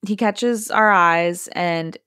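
A woman hosting a podcast, telling a story casually and acting out the quotes in hushed or high voices. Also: slow pace, clear, resonant tone, no echo, studio quality. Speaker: podcast host.

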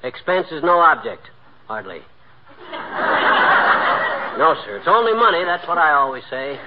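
Boastful penny-pinching husband, brash needling, vintage radio comedy, lo-fi hiss. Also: male voice, fairly high pitch, big pitch swings, normal speed. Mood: teasing. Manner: brash, teasing banter. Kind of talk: 1940s radio comedy acting. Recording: dull, hissy vintage radio broadcast.

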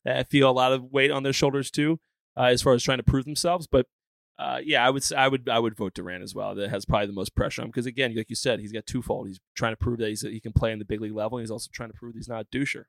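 Man, former player, podcast co-host, fast talker, uh fillers, dry recording. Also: medium pitch, fairly even intonation, gravelly, no room sound. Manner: emphatic, lots of uh fillers, swearing. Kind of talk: casual sports podcast chat.

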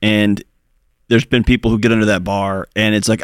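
A man co-hosting a call-in advice show, telling lively stories and acting out quotes. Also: lowish voice, normal speed, clear, resonant tone, dry recording, clean studio sound. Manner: animated storyteller, acts out quotes. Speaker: radio co-host. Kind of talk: call-in radio advice talk.

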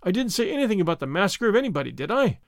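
A man voicing an excitable, exasperated male war correspondent in a storybook reading. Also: high-pitched, racing, no echo, clean studio sound. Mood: anxious.

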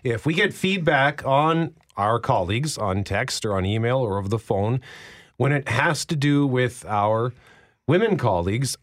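A man with a deep voice hosting talk radio in a studio, candid and self-deprecating as he talks. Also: fairly bright tone. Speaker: radio host.

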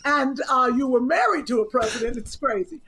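A woman co-hosting a comedy podcast, teasing her partner loudly and playfully in casual chat. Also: high-pitched, fairly quick, noisy background. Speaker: co-host.

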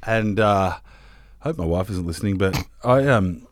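A man's voice: lowish voice, moderate pace, dry recording, clean studio sound. A middle-aged man co-hosting a podcast, cracking cheeky teasing one-liners. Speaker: podcast co-host. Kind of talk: casual chat. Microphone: close studio mic.

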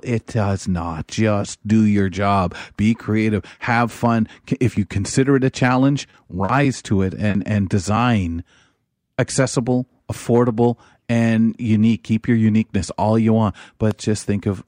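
A man co-hosts a casual chat show and makes his points earnestly and with emphasis. His voice is on the low side. The recording is dry and close. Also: unhurried, a little mellow, no echo. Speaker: co-host.

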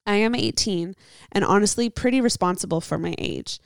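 Casual young woman podcaster, mid pitch, reads a letter and chats, dry mic. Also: moderate pace, creaky, clean tone, no echo. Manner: reads aloud with asides and laughs. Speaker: podcast co-host. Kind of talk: casual podcast chat, reading a listener letter.

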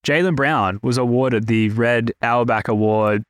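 A man hosting a sports podcast in casual chat, animated and a bit self-aware. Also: mid-range voice, a little slow, no room sound. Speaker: podcast host.

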